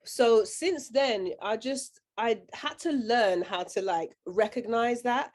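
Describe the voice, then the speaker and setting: A woman's voice: fairly high pitch, slow, a little mellow. A middle-aged woman with a London accent, a guest chatting playfully on a podcast and laughing often. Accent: London English. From London, England. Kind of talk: casual podcast chat.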